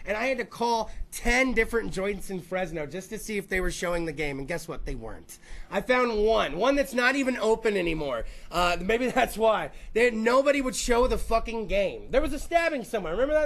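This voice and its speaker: A man's voice: extremely high pitch, fairly bright tone. A man hosting a podcast, rambling through a crude, profane, jokey comedic rant. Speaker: podcast host.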